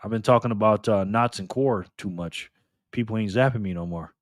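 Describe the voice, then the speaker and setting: A man's voice: on the low side, fairly quick, dry recording, studio quality. A man hosting a casual live stream, joking and chatty as he reads donations and chat messages aloud. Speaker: livestream host.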